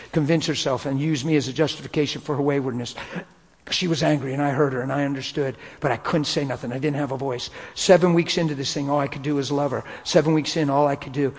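A middle-aged male pastor telling a personal story in a sermon, his delivery swinging from hushed to loud and emotional. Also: fairly high pitch. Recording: long hall reverb.

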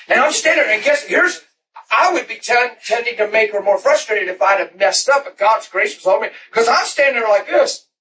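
High-voiced preacher telling his testimony. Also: fairly quick. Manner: animated storytelling, laughing, shouting peaks. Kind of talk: testimony sermon. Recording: distant mic with noisy room ambience.

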